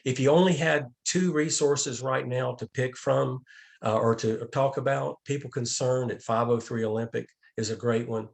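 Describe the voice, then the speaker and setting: A man giving a training talk on a video call as an outreach director, speaking calmly with frequent restarts and repeated words. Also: medium pitch, normal speed, creaky.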